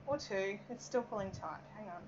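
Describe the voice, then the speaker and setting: A medium-pitched Australian woman chats at a moderate pace during a casual live craft stream, rambling as she works, reading out viewer comments and saying "um" a lot. The audio is dull, with a noisy background.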